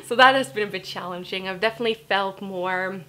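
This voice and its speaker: A woman's voice: medium pitch, a little fast, fairly bright tone. Norwegian girl in her 20s doing a chatty q&a vlog, giggly, lots of likes and ums. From Norway. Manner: chatty and giggly, with many fillers. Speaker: YouTuber. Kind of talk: casual Q&A vlog.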